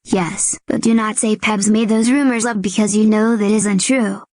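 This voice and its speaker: Measured woman who reads out accusations slowly, with a dry, close sound. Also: medium pitch, fairly even intonation, a little mellow, dry recording.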